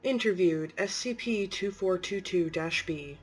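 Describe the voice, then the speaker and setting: A woman narrating a horror story in an even, matter-of-fact reading. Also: fairly low pitch, unhurried.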